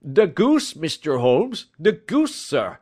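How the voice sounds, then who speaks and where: An excitable male doorman from a storybook, gasping and blurting out his lines, as a male reader puts him on. His voice climbs high and jumps about with amazement. It sounds like a working man who can hardly believe what he has found. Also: slow pace, full character voice. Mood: astonished. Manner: gasping, exclaiming. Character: excited, breathless working-class male commissionaire.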